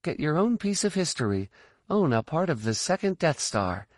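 A man voicing a quick, chatty young woman starfighter pilot in an audiobook, softer and higher than his narration. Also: sing-song, no room sound, studio quality. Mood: chatty, quiet. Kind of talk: audiobook character voice.

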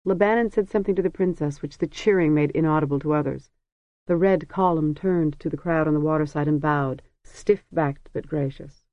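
An audiobook narrator reading a novel in a measured, even storytelling manner. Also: mid-range voice, no echo, muffled recording. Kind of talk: scripted narration.

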